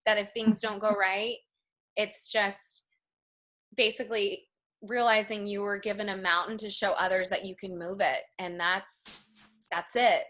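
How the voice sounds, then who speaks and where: A woman in her thirties telling her personal story in an interview, earnest and reflective, often slow and emotional. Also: medium pitch, sharp tone. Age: 30s. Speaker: interview guest.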